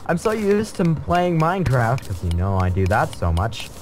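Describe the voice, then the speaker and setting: A man's voice: mid-range voice, sing-song, normal speed, background noise. A man chatting casually while playing a video game, rambling through silly jokes and stories. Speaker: let's play co-host. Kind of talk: casual gaming commentary.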